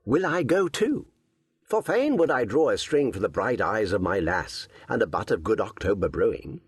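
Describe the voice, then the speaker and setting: A man's voice: fairly low pitch, sing-song, normal speed, breathy edge, no room sound, clean studio sound, heavily acted. A man voicing a bold, eager young outlaw archer, raised and boastful.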